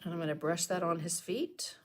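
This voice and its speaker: A woman's voice: fairly low pitch, brisk. A chatty middle-aged woman teaching a live painting lesson, talking viewers through each brush step. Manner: chatty, greets viewers and coughs and laughs between steps.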